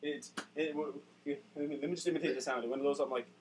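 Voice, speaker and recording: A young man telling a comic story in a sarcastic rant with bursts of shouting, recorded on a distant camera mic. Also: fairly high pitch, fairly even intonation, racing. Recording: distant mic with faint noise.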